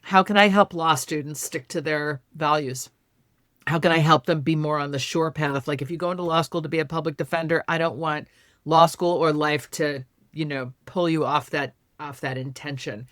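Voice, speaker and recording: A woman's voice: low voice, steady tone, normal speed, fairly bright tone, no room sound, clean studio sound. A middle-aged woman speaking as a podcast guest, earnest and heartfelt, with emphatic conversational delivery. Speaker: author and educator, podcast guest. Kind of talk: casual conversational interview.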